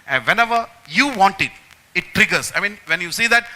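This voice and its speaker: A man lectures a room of students in an emphatic, motivational way. His voice sits fairly high and sounds very bright and forceful. He repeats phrases and speaks directly to his listeners. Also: expressive, fairly quick, poor audio. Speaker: magician giving a memory talk to students.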